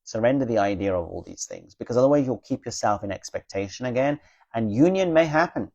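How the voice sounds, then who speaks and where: A man's voice: medium pitch, expressive, quick pace, warm tone, highs cut off. A man working as a spiritual teacher, answering viewers' questions in a live Q&A chat with a blunt, matter-of-fact, teasing manner.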